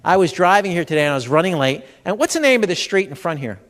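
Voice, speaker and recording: Middle-aged comedy guy, high voice, big swoopy delivery, echoing hall. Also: quick pace. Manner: animated, playful, acts out quoted people. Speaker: comedian and stress educator. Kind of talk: stand-up comedy talk. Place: event hall before a live audience. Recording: reverberant hall.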